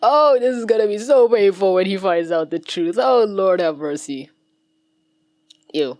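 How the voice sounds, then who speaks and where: A woman giving casual reaction commentary on a cartoon episode, excitable, laughing and swearing often. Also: medium pitch, unhurried, no echo, studio quality. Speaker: reaction video host.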